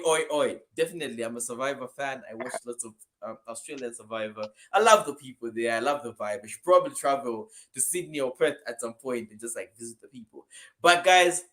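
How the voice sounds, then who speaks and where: Man, fairly high voice, emphatic, energetic co-host, casual football chat over a video call. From Zambia. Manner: energetic, emphatic, jumps between loud and soft.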